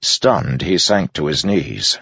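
A man reading a fantasy story aloud in a steady, dramatic way. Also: a bass voice, takes it slowly, gravelly, breathy edge, no echo, lo-fi sound. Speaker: audiobook narrator. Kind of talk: scripted fantasy narration.

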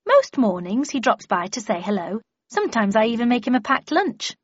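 A woman voicing an indignant middle-aged mother who shouts in outrage at the damage to her garden. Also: big pitch swings, moderate pace, dry recording, muffled recording. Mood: chatty. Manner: shrill, outraged exclamations.

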